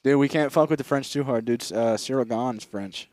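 A man's voice: medium pitch, a little mellow, dry recording, clean studio sound. A man co-hosting a comedy podcast, riffing with crude jokes in casual chat. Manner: crude, joking, quick riffing. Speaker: podcast co-host.

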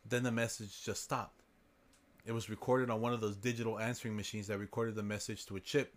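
A man's voice: on the low side, fairly bright tone. A man hosting a podcast, reading listener stories aloud in a casual way. He swears freely and laughs as he goes.

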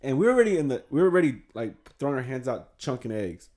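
A young man telling stories in casual chat. He talks with slang and swearing, laughs often, and gets loud when acting out his friends. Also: mid-range voice, sing-song, fast. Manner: slangy and profane.

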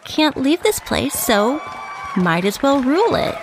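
A woman's voice: sits high, very animated, measured pace, background noise, full character voice. A woman doing a bored snarky valley girl.

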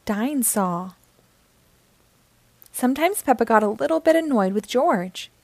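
A woman reading a picture book aloud to children, with clear, expressive storytelling. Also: high voice, fairly quick, no echo.

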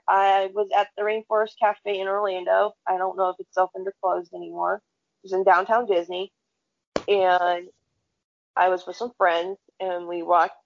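A woman's voice: medium pitch, gravelly. Woman co-host, casual podcast chat, blunt and profane storyteller, dull lo-fi audio. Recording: dull lo-fi sound.

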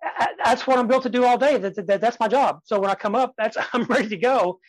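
A man in his fifties, a guest speaker in a podcast interview, talking energetically and emphatically with dramatic pauses and sudden soft drops. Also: extremely high pitch, dry recording, low-quality recording. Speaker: guest speaker and sales trainer.

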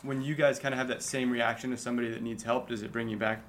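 A man's voice: medium pitch, level tone, fast talker, fairly bright tone, a little hiss or hum. A man interviewing a guest, encouraging him along with short replies. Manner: encouraging, many short backchannels. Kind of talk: podcast interview.

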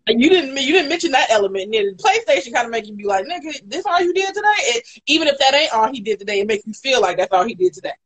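A woman's voice: a little high, expressive, very fast, hardly any pauses, slightly rough. A woman in casual chat, teasing and probing with questions and frequent laughs.

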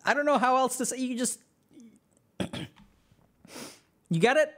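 Pitched high, a little slow and a bit bright, this man talks through social advice in a loose, conversational manner for a live chat. Like a podcast host, he voices the worried thoughts of imagined people and keeps checking in with listeners, often asking "right?"

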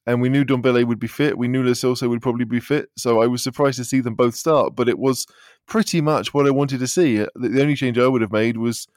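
A man on a casual football podcast panel, thinking out loud with frequent restarts. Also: medium pitch, steady tone, quick pace, dry recording, studio quality. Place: Vienna.

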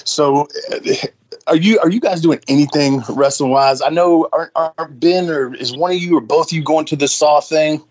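Male host, mid voice, relaxed and joking, dry close sound. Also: fairly high pitch, normal speed, dry recording. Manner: loose, laughing, swears casually. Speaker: podcast host. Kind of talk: casual podcast chat.

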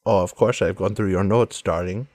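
A man's voice: low-pitched, steady tone, moderate pace, a little mellow, no room sound. A man voicing a flirty female thief in a comedic tabletop role-play, with a teasing sing-song manner. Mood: coy.

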